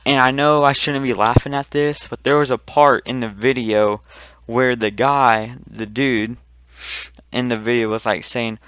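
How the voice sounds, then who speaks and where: A teenage boy rambling through a casual storytime vlog, full of "like" and restarts, getting louder and higher when he gets excited. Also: measured pace, clean tone, no echo. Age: teens. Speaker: vlogger.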